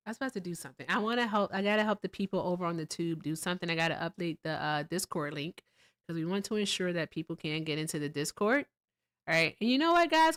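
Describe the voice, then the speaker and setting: A woman from Virginia hosting a casual livestream, animated and gushing as she thanks viewers, jumping between loud excitement and quiet asides. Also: medium pitch. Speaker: livestream host.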